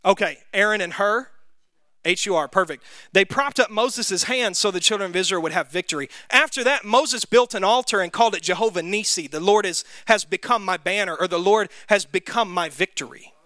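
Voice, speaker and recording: A man's voice: sits high, brisk, bright, forceful tone, no room sound, studio quality. A man with a Southern US accent teaching a Bible class, casually quizzing the group and poking fun at himself. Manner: conversational, quizzes the group, self-deprecating.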